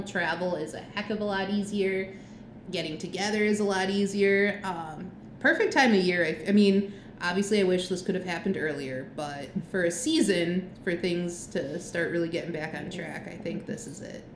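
A woman's voice: on the low side, moderate pace, a little hiss or hum. A woman co-hosting a casual podcast at home, chatty, laughing often and trailing off with fillers. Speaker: podcast co-host. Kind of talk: casual chat. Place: apartment room. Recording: echoey room, faint ambience.

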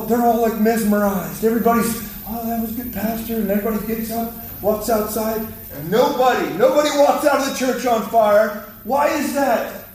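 A man's voice: extremely high pitch, a little mellow, slight background noise. A man preaching a fiery sermon in a church, exhorting the congregation and calling for their response. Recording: echoey hall, mic from far off.

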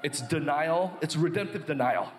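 A man's voice: fairly high pitch, animated, moderate pace, a little hiss or hum. A male minister on a live podcast, telling a story with quoted inner dialogue, then leading a prayer. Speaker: guest minister. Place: live podcast before an audience.

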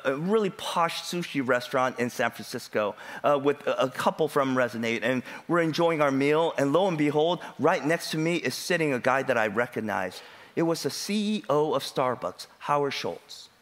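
A middle-aged male pastor preaching a sermon, moving between relaxed storytelling and emphatic, rising preaching. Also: on the high side. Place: church.

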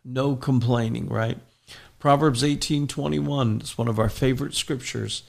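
A man's voice: mid-range voice, fairly even intonation, a little slow, vocal fry, a little mellow. A man preaching a sermon, reading scripture aloud and explaining it line by line, now and then telling a joke with a small laugh. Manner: tells jokes with small laughs.

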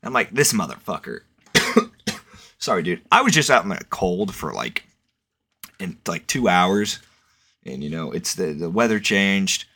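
A man's voice: sits low, sing-song, measured pace, long pauses, bright, forceful tone, slightly rough. A young man in casual chat, rambling and swearing, with lots of fillers. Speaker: podcast co-host.

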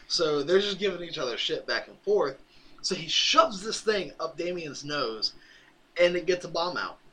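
A man's voice: a little high, lively intonation, moderate pace, sharp tone, a little hiss or hum, poor audio. A man co-hosting a podcast, casually retelling a comic book's story and quoting its characters with laughs along the way. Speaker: podcast co-host. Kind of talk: casual comic recap chat.

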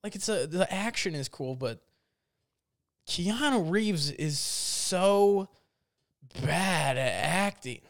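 Young male vlogger, slightly higher voice, smooth and clean; rambling, jokey storyteller. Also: animated, takes it slowly, long pauses, no room sound, clean studio sound. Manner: rambling, filler-heavy, jokey. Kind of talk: casual storytelling rant.

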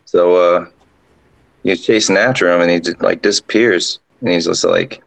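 Deep gravelly man telling a story. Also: moderate pace, low-quality recording. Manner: relaxed rambling telling, with many fillers. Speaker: guest storyteller, drill sergeant. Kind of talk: casual spoken ghost story.

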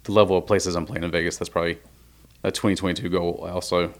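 A man guesting on a podcast as a DJ, telling stories in a relaxed, matter-of-fact way. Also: sits low, fast. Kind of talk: casual conversation.

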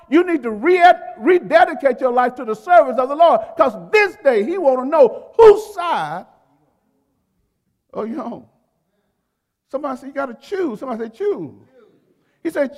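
Male pastor, very high voice, call-and-response sermon with emphatic stresses, long hall reverb. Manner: call-and-response preaching, urging the congregation to repeat words; emphatic, drawn-out stresses on key phrases. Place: church sanctuary.

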